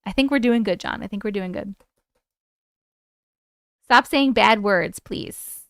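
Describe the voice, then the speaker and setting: A woman's voice: medium pitch, a little slow, gravelly, a bit bright, clean tone, no echo, clean studio sound. A woman with a New York accent hosting a livestream, reading viewer stories aloud and chatting casually, swearing freely and laughing often. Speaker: livestream host.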